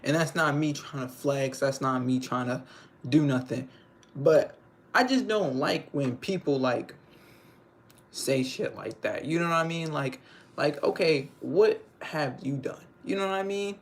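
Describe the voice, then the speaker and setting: Speaking a little slowly in a fairly high voice, a young man hosts a laid-back livestream over a faint hiss or hum. He wanders from point to point in slangy language, repeatedly asking viewers "you know what I'm saying."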